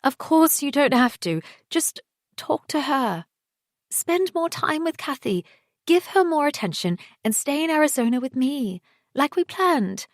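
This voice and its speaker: A woman narrator voicing a heartbroken, furious young woman, her lines raised and higher than the narration, read slowly. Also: big pitch swings, dry recording, clean studio sound, full character voice. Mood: pleading.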